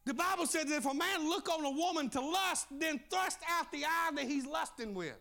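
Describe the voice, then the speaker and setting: A male preacher with a very high, bright, gravelly voice. He preaches in a rising, sing-song cadence, shouting at the peaks of his phrases and dropping in folksy jokes. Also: expressive, moderate pace, few pauses, a little hiss or hum. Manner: folksy, jokey asides. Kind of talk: sermon.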